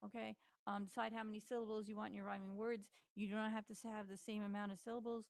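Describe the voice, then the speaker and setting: Tired teacher lady, bit of vocal fry, dry close sound, lots of ums. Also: mid-range voice, level tone, fast, a little mellow, dry recording. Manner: chatty, informal, many fillers. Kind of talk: recorded classroom lesson.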